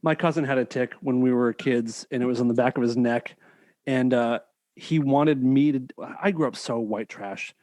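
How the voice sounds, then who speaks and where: A man's voice: mid-range voice, normal speed, darkish tone, no echo. A man hosting a podcast, chatting casually with a teasing, dry sense of humor. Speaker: podcast host. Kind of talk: casual chat.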